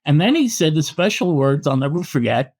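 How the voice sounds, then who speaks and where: Middle-aged boxing historian from Canada, a man telling stories in an interview with restarts and acted-out quotes, voice sitting a bit high. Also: brisk. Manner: animated anecdotes, frequent restarts and acted quotes. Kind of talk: storytelling in a podcast interview.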